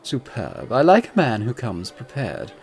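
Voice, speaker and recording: A man's voice: mid-range voice, huge pitch swings, unhurried, a little mellow, soft background music. A man voicing a posh, scheming woman crime boss in a haughty drawl, in a tabletop game. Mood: commanding.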